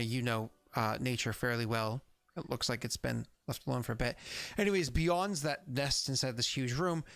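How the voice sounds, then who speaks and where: A man's voice: medium pitch, fairly bright tone. A man narrating as game master of a tabletop game, rambling with lots of fillers.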